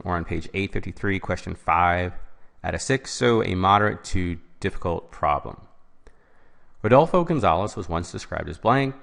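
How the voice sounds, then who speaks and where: Man, test-prep tutor, stresses key words, deep voice, close mic. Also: vocal fry, fairly bright tone. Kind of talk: vocabulary lesson.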